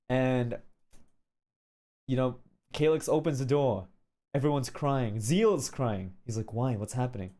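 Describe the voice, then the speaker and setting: A man streaming casually, telling a story with animated shouted sound effects and frequent filler check-ins. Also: mid-range voice.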